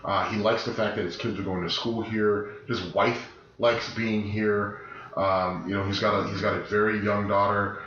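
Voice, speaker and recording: A man co-hosting a podcast in casual chat, sick with his voice deeper than usual, talking emphatically in rambling restarts. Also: little pitch movement, moderate pace, fairly bright tone. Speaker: podcast co-host. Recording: echoey room, dull lo-fi sound, faint noise.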